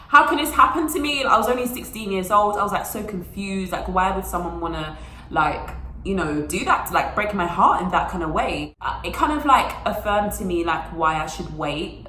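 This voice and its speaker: A woman's voice: lowish voice, sharp tone, echoey room, a little hiss or hum, poor audio. A young woman telling a personal story to her phone camera in a casual, chatty way, full of fillers and acted-out quotes. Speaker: vlogger.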